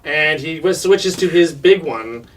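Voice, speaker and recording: A man's voice: fairly high pitch, lively intonation, a little slow. A man co-hosting a casual review show, joking his way through a recap of the episode and slipping into goofy quoted voices. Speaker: podcast co-host. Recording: distant mic with faint music.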